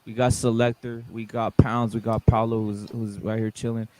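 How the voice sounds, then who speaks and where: A man hosting a casual podcast panel, greeting guests and talking in an animated way. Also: fairly low pitch, normal speed, faint music behind. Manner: animated, hypes and greets callers. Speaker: show host.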